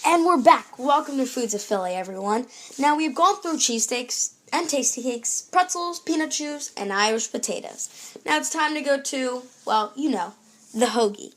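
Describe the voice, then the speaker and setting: A woman's voice: sits high, expressive, normal speed. A young woman presenting a scripted food show in an upbeat, read-aloud presenter tone.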